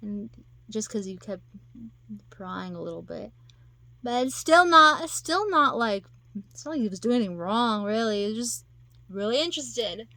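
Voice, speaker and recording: Woman with a gravelly, creaky voice. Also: fairly high pitch, lively intonation, normal speed, pauses often, pushed and bright, no echo. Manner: rambling, many fillers and restarts. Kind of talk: casual chat.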